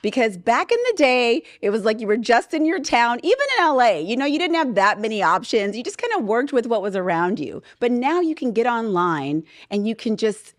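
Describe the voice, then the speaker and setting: Animated sassy woman podcast host. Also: on the high side, brisk, hardly any pauses, no room sound, studio quality. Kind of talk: casual chat. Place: studio.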